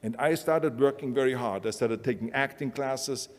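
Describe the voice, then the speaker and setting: A man's voice: mid-range voice, moderate pace, long reverb tail. An older man with an Austrian accent giving a blunt, emphatic motivational speech. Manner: emphatic, blunt, repetitive urging. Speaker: motivational speaker.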